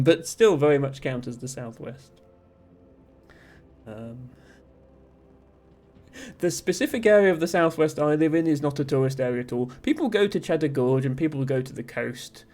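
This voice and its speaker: This man's voice sits at medium pitch with a somewhat dark tone. He's a Somerset streamer from southwest England with a generic Southern English accent, talking casually and self-deprecatingly, rambling as he reads viewer messages aloud.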